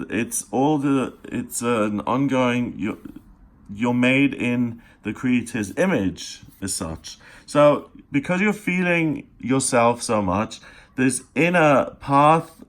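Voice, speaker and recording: Earnest, encouraging male tarot reader. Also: medium pitch. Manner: earnest, encouraging, speaks straight to the listener; unhurried, with pauses and fillers. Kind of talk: daily tarot reading monologue.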